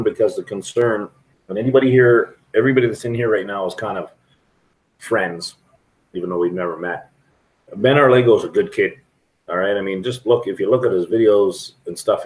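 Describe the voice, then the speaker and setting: A man's voice: fairly low pitch, brisk, darkish tone, low-quality recording. A middle-aged man chatting frankly and rambling to viewers on a live stream from a restaurant. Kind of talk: casual live stream chat.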